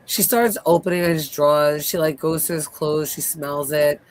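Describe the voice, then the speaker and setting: A woman with a low, deep voice hosts a casual live recap of a TV episode. She retells the scenes in an animated way and acts out the characters' lines as she goes. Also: moderate pace. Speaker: host.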